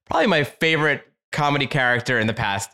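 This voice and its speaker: A man hosts a casual interview show in an upbeat voice of middle pitch. He jokes freely and laughs often as he talks. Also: fast talker, bright, forceful tone, smooth. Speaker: podcast host.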